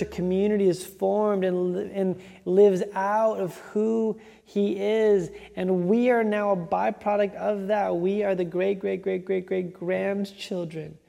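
Preacher, sermon delivery: gravelly, dark-toned voice, emphatic and repetitive, long hall reverb. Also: mid-range voice.

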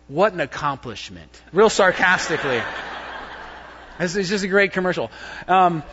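High-voiced preacher in a reverberant hall. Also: male voice. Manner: dramatic swings between loud emphatic and hushed soft. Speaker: pastor. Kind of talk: sermon. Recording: dull lo-fi sound with long hall reverb.

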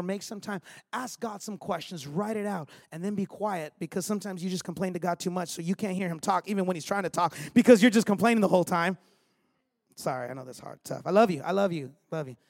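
A male pastor with a high, light voice preaches to his congregation. He shifts from rousing, raised declarations to hushed, personal storytelling. The sound is close and dry, with no room around it. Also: no room sound. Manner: swings from loud preaching to quiet personal storytelling. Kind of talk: sermon.

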